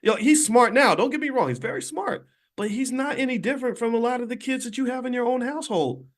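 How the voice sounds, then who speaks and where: This man talks fast in a very high-pitched voice. A financial commentator and channel host, he livestreams from a hotel room on his phone, speaking emphatically and preachily straight to his viewers.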